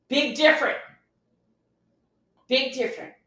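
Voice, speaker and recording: In a very echoey room with a distant mic, a woman on a casual livestream offers advice at a moderate pace. Her fairly bright voice is on the high side, and she is talkative, emphatic and prone to repeating phrases.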